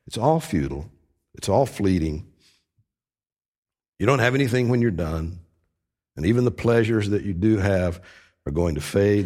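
Husky-voiced man preaching emphatically. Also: fairly low pitch, a little mellow. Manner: earnest expository preaching with emphatic repetition. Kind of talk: sermon.

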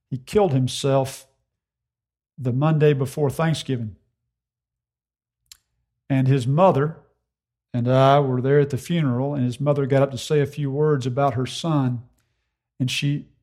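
A man preaching an expository sermon, earnest and emphatic, slowing down to repeat key phrases for weight. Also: medium pitch, a little mellow.

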